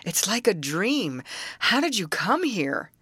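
A woman's voice: mid-range voice, big pitch swings, slow pace, fairly bright tone, breathy edge, dry recording, voice pushed up, exaggerated voice. A woman reading the part of an exhausted young man who has just been rescued. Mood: weak. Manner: weak, wondering.

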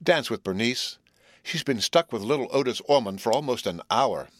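A male reader voicing an eager, sweet young woman who coaxes softly, in a storybook reading. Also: medium pitch, expressive, moderate pace, no room sound, natural voice. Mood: coaxing.

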